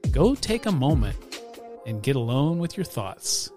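Lively, joking middle-aged man. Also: mid-range voice, measured pace, faint music behind. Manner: playful, animated joker. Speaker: podcast co-host. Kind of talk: casual chat.

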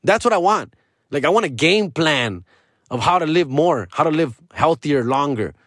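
A man's voice: fairly high pitch, expressive, moderate pace, a bit bright, no room sound, studio quality. A man, telling a rambling comic story in a casual, slangy way. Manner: laid-back slangy rambling, peppered with 'dog' and 'fool'. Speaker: stand-up comedian.

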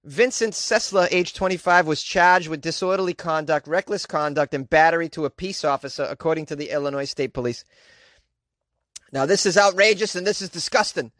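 Over-the-top Boston-accented newsman with a dry, close sound, as a man puts him on, mock-outraged, higher voice. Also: a little fast, fairly bright tone, dry recording, natural voice. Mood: mock-serious. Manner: exaggerated, mock-outraged, wry asides.

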